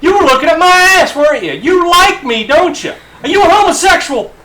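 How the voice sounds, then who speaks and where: A man putting on the voice of a menacing army drill sergeant who badgers a recruit in a shout. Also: sing-song, a little fast, exaggerated voice, rough recording. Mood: bellowing. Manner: shouting, badgering, high and strained.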